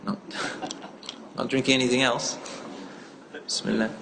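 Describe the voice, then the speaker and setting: In a lecture hall before a live audience, a man gives an interactive Islamic lecture, telling a story, questioning listeners, and mixing in Arabic phrases. His medium-pitched voice is flat, creaky, and a little slow. The hall is echoey, with faint ambient noise.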